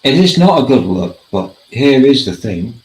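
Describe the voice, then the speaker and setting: A man's voice: mid-range voice, big pitch swings, normal speed, darkish tone, rough recording. A man hosting a casual chat about news and politics, joking and laughing often. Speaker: host.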